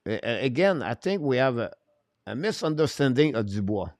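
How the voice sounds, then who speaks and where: A man's voice: mid-range voice, big pitch swings, moderate pace, darkish tone, no room sound, studio quality. A man hosting a hockey fan show, talking emphatically, repeating his points and reeling off player stats. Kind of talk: animated fan hockey talk.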